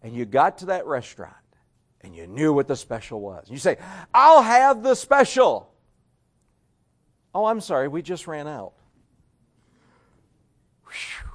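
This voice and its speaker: A man preaching a sermon to a church congregation, swinging between loud emphasis and hushed asides. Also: mid-range voice, big pitch swings, a little fast. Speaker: pastor.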